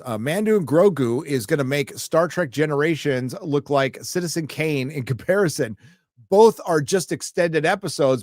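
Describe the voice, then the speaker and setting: A man's voice: medium pitch, no echo, clean studio sound. A man hosting a casual live stream, reading viewer comments and ranting with lots of swearing and sarcastic asides.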